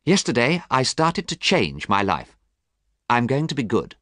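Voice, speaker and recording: A man voicing a young gentleman in a storybook reading, earnest and pleading, in a raised voice. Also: medium pitch, big pitch swings, unhurried, dry recording, clean studio sound, voice pushed up. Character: young gentleman, anxious and eager to be good.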